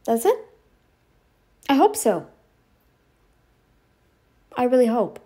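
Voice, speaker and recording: A woman with a slightly high voice rants straight to the camera in a vlog. She rambles and scolds with a sarcastic edge and fills her talk with "like". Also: big pitch swings, slow pace, mellow, breathy edge. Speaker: YouTube commentator. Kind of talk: ranting direct-to-camera commentary.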